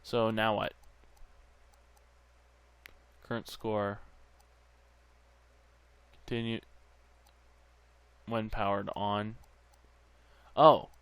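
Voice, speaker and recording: A man's voice: fairly low pitch, level tone, very slow, pauses often, fairly bright tone, clean tone. A man hosting a gameplay channel, muttering to himself as he tinkers, with bursts of goofy sing-song nonsense. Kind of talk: casual gameplay commentary.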